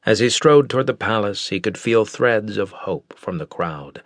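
Deep-voiced male audiobook narrator. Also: lively intonation, moderate pace, no room sound, clean studio sound. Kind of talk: scripted narration.

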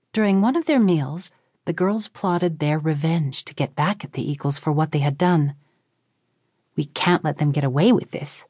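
A woman reading a children's audiobook as narrator in an expressive, clear storytelling manner. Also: fairly low pitch, no echo, studio quality.

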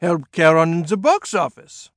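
A man voicing a hulking stitched-together monster father who is stern and gruff, with a rough voice and a heavy accent between German and French. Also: a little high, big pitch swings, normal speed, dry recording, clean studio sound, pitched above the performer's own voice. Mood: coaxing. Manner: commanding, scolding.

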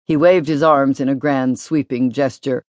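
A woman narrating a novel in a measured, expressive storytelling voice. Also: a bass voice, no room sound. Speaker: audiobook narrator. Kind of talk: scripted narration.

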